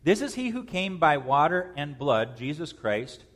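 A man preaching an expository sermon, swinging between soft, slow stretches and loud, rising bursts. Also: fairly high pitch, big pitch swings. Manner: preaches with dynamic swings in loudness and pace. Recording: long hall reverb.

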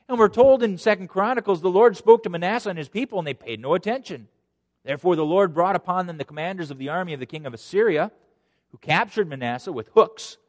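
A man preaching a sermon, dropping to a hush and then rising loud and high for emphasis, acting out scripture voices. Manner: dramatic swings from hushed to loud, voicing scripture quotes. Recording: long hall reverb.

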